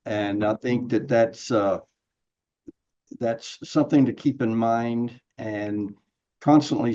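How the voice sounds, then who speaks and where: Measured older man, mellow muffled voice. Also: medium pitch. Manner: measured, thoughtful explaining. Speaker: guest expert, management consultant.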